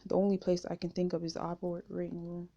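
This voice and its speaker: An audiobook reader, a woman with a voice on the low side, reads a first-person memoir in a steady, unhurried way. The home recording sounds dull and lo-fi.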